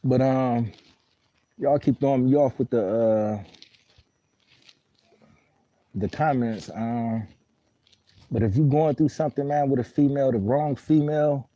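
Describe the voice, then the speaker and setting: A man's voice: mid-range voice, moderate pace, warm tone, no room sound, muffled recording. A man casually telling a story on a live stream, rambling in heavy street slang and cursing while he answers viewer comments. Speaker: livestream host.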